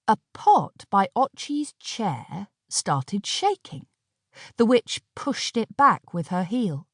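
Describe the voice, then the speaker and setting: Reading an audiobook aloud, this woman tells the story in a measured, expressive way at a medium pitch. The studio-quality recording carries no room sound.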